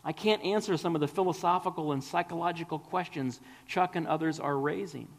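A man's voice: fairly high pitch, brisk, vocal fry, in a large hall. A man preaching a sermon, earnest and pleading, sometimes dropping to a whisper.

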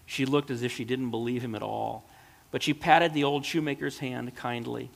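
A man's voice: medium pitch, steady tone, moderate pace, creaky. A man reading a children's story aloud and reflecting on it in an earnest, emotional way. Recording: long hall reverb.

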